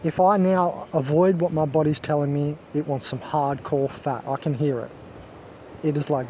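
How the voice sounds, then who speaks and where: A man holds forth in a rambling monologue, sure of himself and a little preachy, his voice sitting slightly high but sounding warm and relaxed. He talks outdoors, with a faint hum of traffic behind him. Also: moderate pace. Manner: emphatic, self-assured, preachy. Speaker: wellness vlogger.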